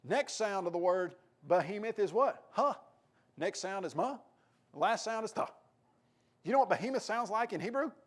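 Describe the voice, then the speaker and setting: A man with a Tennessee accent preaching a sermon, acting out quoted lines with a raised, animated delivery. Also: sits high, brisk, few pauses.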